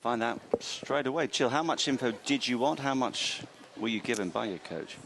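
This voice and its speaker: A man hosting a live sports studio chat, brisk and teasing as he moves the talk along. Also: medium pitch, gravelly, noisy background. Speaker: studio host.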